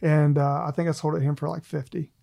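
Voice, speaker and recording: A middle-aged man with a gravelly, creaky voice, pitched a little higher than most men but kept flat and level. He talks as a guest in a relaxed faith chat and tells stories against himself, laughing as he goes. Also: quick pace. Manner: self-deprecating, laughs often while telling stories. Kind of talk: casual faith conversation.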